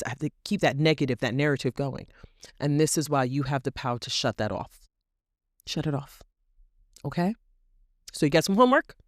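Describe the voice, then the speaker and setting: A woman's voice: sits low, darkish tone, dry recording, studio quality. A woman hosting a faith podcast, speaking straight to the listener in an emphatic, repetitive way. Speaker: podcast host. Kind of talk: inspirational faith podcast talk.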